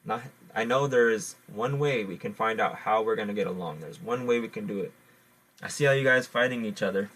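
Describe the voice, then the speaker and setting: A man's voice: lowish voice, a bit bright, low-quality recording. A man telling of a scheming, boastful brown bat. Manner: halting, repeats words. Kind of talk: oral storytelling.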